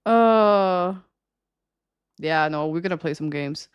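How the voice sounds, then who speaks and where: A woman's voice: on the low side, slow pace, clear, resonant tone. A young woman streaming and chatting casually with viewers, giggling often and ranting with plenty of swearing. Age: young adult.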